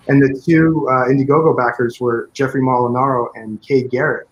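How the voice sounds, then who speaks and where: A man in a relaxed interview talks through how his fan film came together. He rambles, leaning on fillers and restarting his sentences. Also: medium pitch, brisk, few pauses, highs cut off. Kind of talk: casual interview chat.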